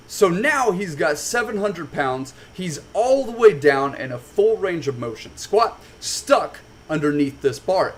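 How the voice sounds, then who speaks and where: Male streamer storyteller, animated and foul-mouthed, slightly high voice. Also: slight background noise. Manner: animated, swears a lot. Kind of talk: casual profane storytelling.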